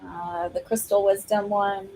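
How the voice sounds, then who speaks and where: A woman's voice: medium pitch, little pitch movement, unhurried, dark tone, a little hiss or hum, low-quality recording. A woman hosting a live stream of oracle card readings, talking in a chatty, rambling way with lots of fillers and laughs. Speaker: psychic medium host.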